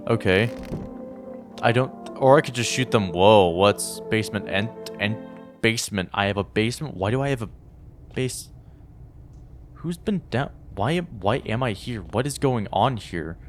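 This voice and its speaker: A man's voice: lowish voice, animated, moderate pace. A man giving casual, jokey commentary while playing a game and thinking aloud. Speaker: gameplay streamer. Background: game music.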